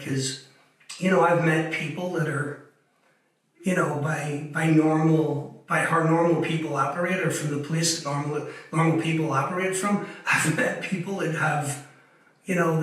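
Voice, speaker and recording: A man's voice: on the high side, fairly bright tone. A man from Northern Ireland with a Belfast accent, frankly telling his life story as a guest, often repeating words as he searches for them. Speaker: guest author. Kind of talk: casual storytelling interview. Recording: very echoey room, a bit distant from the mic.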